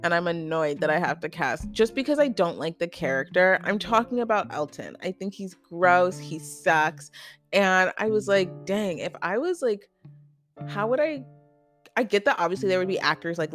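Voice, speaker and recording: A young adult woman hosting a casual solo podcast, chatty and opinionated, full of "like" and quick asides. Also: on the low side. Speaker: podcast host.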